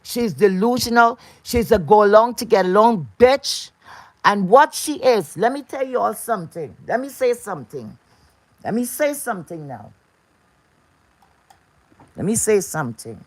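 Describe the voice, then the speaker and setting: A woman's voice: medium pitch, lively intonation, measured pace, darkish tone, no echo. Woman, live streamer, profane rant, repeats herself, dry recording. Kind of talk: casual ranting livestream talk.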